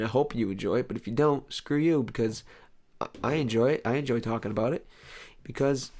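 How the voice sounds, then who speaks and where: A man with a hoarse, worn voice rambles through a comedic talk-show monologue in a sarcastic, deadpan way. His voice sits at a middle pitch, and he keeps stopping to clear his throat. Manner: sarcastic, rambling, deadpan jokes with mock outbursts. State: hoarse, lost voice. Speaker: host.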